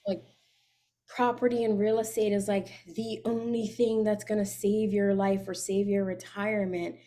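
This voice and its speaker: A woman's voice: mid-range voice, level tone, normal speed, mellow. A woman personal finance coach talks as an interview guest. Her advice comes across as frank, practical and emphatic, in an easy conversational way. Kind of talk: casual interview chat.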